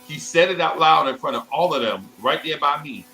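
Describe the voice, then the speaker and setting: Animated man in his fifties telling a story. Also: a little high, normal speed, creaky, slight background noise, low-quality recording. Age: 50s. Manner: animated, acts out other people's voices in quotes; loose, rambling, restarts and asides. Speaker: show host. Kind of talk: casual storytelling.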